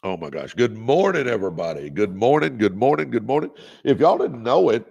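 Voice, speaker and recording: A man's voice: mid-range voice, big pitch swings, fairly quick, gravelly, a little mellow, breathy edge, muffled recording. A man hosting a motivational livestream, exhorting viewers and reading out their comments. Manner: preachy, exhorting, leads call-and-response. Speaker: host. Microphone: phone or webcam on a livestream.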